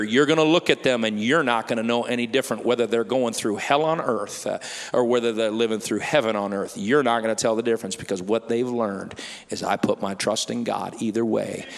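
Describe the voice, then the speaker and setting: A man's voice: mid-range voice, fairly bright tone, in a large hall. A man preaching a sermon, quoting scripture and acting out worried people and chirping birds. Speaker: pastor.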